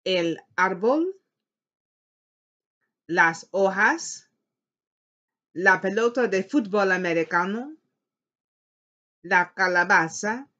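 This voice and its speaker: A woman teaching an elementary Spanish class, slowly modeling words for students to repeat and cheering them on. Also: lowish voice, bright, forceful tone. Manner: upbeat and encouraging. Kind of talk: classroom language lesson. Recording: dull lo-fi classroom recording.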